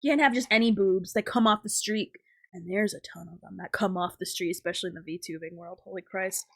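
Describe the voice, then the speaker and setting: A woman's voice: mid-range voice, steady tone, a little fast, creaky. A young adult woman streaming live, rambling in crude, giggly banter with her chat. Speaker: livestreamer.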